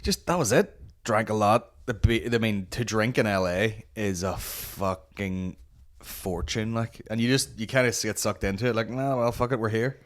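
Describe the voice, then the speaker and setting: Northern Irish male podcast host, lowish voice, loose and sweary, puts on voices mid-story. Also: moderate pace. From Northern Ireland. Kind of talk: casual chat.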